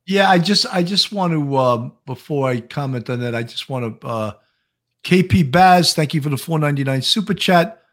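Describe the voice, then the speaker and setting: A man, a retired police officer, co-hosting a live online show and giving measured, steady commentary. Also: fairly high pitch. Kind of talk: casual livestream commentary.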